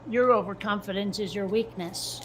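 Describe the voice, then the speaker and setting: A woman's voice: mid-range voice, fairly even intonation, moderate pace, a little hiss or hum. A woman in casual chat, firing off dry, teasing comebacks.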